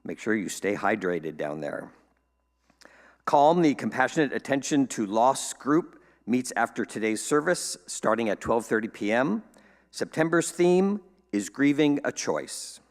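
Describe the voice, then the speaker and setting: A man's voice: medium pitch, big pitch swings, measured pace. Male church host, cheerful announcer with jokey asides, reverberant sanctuary. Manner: upbeat, playful, joking asides. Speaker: service host giving welcome and announcements.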